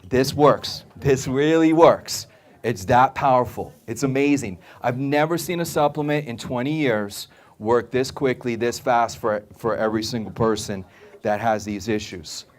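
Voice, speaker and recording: Speaking at a medium pitch and an unhurried pace, a supplement store speaker pitches supplements live to an audience. He hammers his points home repeatedly, often asks "okay?", and voices his customers' reactions when telling stories.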